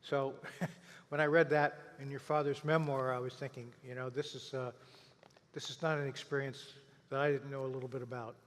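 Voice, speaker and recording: A man's voice: mid-range voice, flat delivery, normal speed. Brief: older male interviewer, mid-range voice, hesitant with lots of fillers, hall echo. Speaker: interviewer and veteran. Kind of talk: panel conversation. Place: conference stage.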